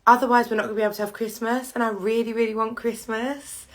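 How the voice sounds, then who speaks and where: A woman's voice: fairly high pitch, little pitch movement, quick pace. A woman hosting a casual live stream from home, chatting bubbly and straight to her viewers over a video call. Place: home living room with piano and candles.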